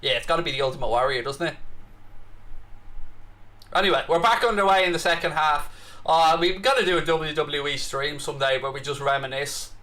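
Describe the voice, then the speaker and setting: An Irish man hosting a live football watchalong stream, chatting casually, reading out viewer comments and breaking into excited reactions. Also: fairly high pitch, a little fast. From Ireland.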